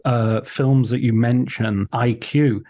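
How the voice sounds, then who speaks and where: Man interviewer, mellow, hesitant questions. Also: medium pitch, fairly even intonation, slow pace, highs cut off. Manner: hesitant questions with many fillers and restarts. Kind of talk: conversational interview.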